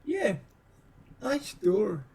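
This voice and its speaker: A man doing a high-pitched, wildly swooping adventurer voice for a tabletop game, chatty and quick to fret over his companions. He rambles and fusses in a lively, animated way. Crowd chatter carries behind him. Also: vocal fry, heavily acted. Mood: cheery. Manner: rambling, emotional, tea-loving banter. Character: fussy caring male adventurer, chatty and excitable.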